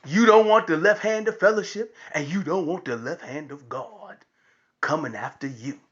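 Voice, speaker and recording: A man telling a comic story with an animated, preacher-like delivery. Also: on the high side, moderate pace, muffled recording. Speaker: comedian.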